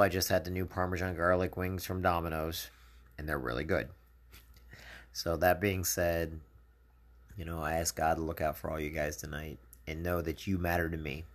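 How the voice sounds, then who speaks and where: A man hosting a casual live video message, talking earnestly to encourage and console his viewers. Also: very deep voice. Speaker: channel host.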